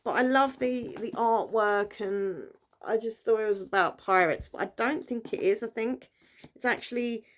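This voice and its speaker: A British book vlogger chats casually on her channel, rambling along with plenty of fillers and self-corrections. Her voice is on the high side and her pace moderate.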